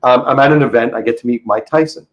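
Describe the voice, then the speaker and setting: Talking fast in a mid-range voice, this middle-aged comic book dealer shares stories as a podcast guest. The audio is lo-fi, and his telling is eager and meandering, full of false starts.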